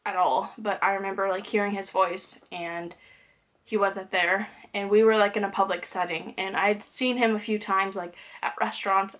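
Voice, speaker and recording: A young vlogger speaks to camera in a candid, conversational, loose way, with lots of "um" and "like". She has a mid-range voice and a fairly bright tone.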